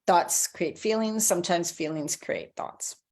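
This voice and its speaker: Encouraging woman coach, low voice. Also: a little slow, a little mellow. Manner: encouraging, conversational, acts out inner voices. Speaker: life coach. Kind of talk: motivational video talk.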